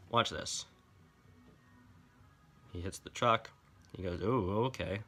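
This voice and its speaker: A man rants through a comic review in a casual, exasperated way, swearing freely and dripping with sarcasm. His voice sits on the low side but comes out bright and forceful.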